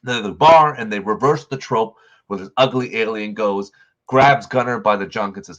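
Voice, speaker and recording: A man's voice: fairly low pitch, moderate pace, a bit bright, highs cut off. A man hosting a review show, rambling through a casual film recap full of "like" fillers. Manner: rambling, filler-heavy retelling with lots of "like". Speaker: movie review show host.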